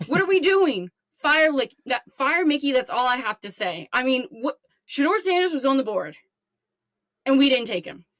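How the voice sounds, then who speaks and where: A woman's voice: high voice, sing-song, moderate pace, a bit bright, no echo, pitched above the performer's own voice. A woman playing a furious fan calling in to a sports radio show, ranting and swearing.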